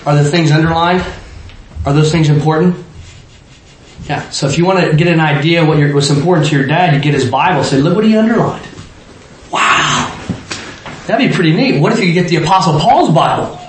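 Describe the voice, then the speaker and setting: A man's voice: fairly high pitch, fast. A man leading an interactive Bible study, talking conversationally, quizzing his small group and often restarting his sentences. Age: adult parent. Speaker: Bible teacher. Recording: echoey room with faint noise.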